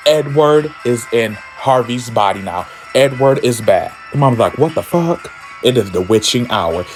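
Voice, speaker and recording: A man's voice: medium pitch, a little slow, faint music behind. A man casually summarizing a comic book story, with campy, sassy asides and swearing.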